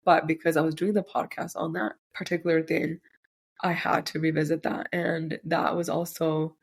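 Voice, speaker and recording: A young woman hosting her own podcast, talking candidly and rambling a little, with casual swearing and self-deprecating asides. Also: fairly low pitch. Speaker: podcast host. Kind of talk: solo podcast recap, candid chat.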